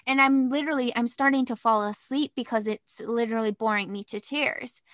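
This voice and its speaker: A young woman telling a dating story in casual chat, animated and dramatic, with lots of "like". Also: on the high side, a little fast, a crowd in the background.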